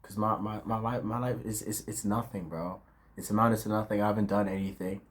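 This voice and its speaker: A man's voice: on the low side, steady tone, fairly quick. A man of twenty in a casual, reflective vlog monologue, full of slang and fillers, talking outdoors at dusk. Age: 20s. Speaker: vlogger.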